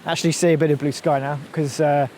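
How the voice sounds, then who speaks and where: A man's voice: on the high side, little pitch movement, fast, a little mellow, a little hiss or hum. A man vlogging casually while out hiking, talking through the route and his gear with a joking, thinking-aloud manner. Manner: chatty, jokey, thinks aloud while walking. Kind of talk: casual outdoor vlog chat. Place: windy hillside outdoors.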